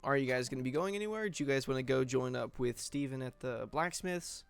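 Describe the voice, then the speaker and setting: A man's voice: medium pitch, a little fast, creaky, clear, resonant tone. A man narrating a tabletop game as game master, setting scenes loosely with plenty of fillers.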